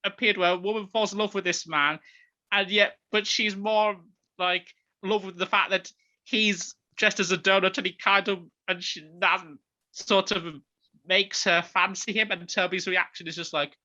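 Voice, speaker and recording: A man's voice: high-pitched, steady tone, moderate pace, bright, forceful tone. A man co-hosting a podcast, chatting casually and rambling with plenty of ums and restarts. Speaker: podcast co-host. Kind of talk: casual review chat. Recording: dull lo-fi mic.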